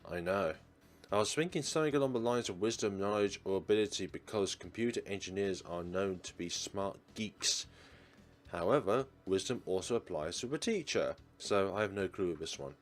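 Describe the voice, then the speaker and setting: A man's voice: low-pitched, expressive, moderate pace, faint music behind. A man narrating a visual novel in a let's play, in a wry, sarcastic manner. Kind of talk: reading a visual novel aloud.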